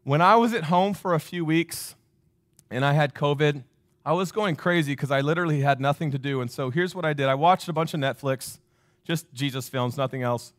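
A man's voice: fairly high pitch, fairly quick, no echo, clean studio sound. A man preaching a sermon to his church, talking casually and telling stories straight to the congregation. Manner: conversational, storytelling, addresses congregation directly. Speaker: pastor.

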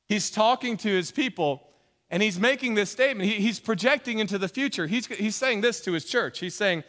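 A pastor delivering a sermon in a conversational way, mixing emphatic points with jokey asides. His voice is high and bright, and the long reverb of a church hall rings around it.

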